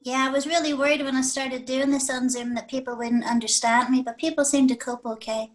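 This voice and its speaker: A woman's voice: high-pitched, steady tone, fairly quick. A woman chatting agreeably on a casual video call.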